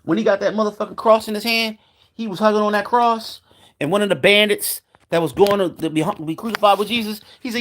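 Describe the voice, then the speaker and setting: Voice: mid-range voice, quick pace, fairly bright tone. A vlogger delivering a heated, profane monologue, swearing constantly and acting out what people said.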